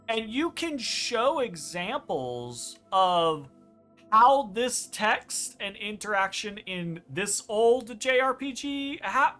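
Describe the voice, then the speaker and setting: A woman co-hosting a let's play, chatting casually with emphatic, animated delivery and some swearing. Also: mid-range voice. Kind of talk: casual chat over gameplay.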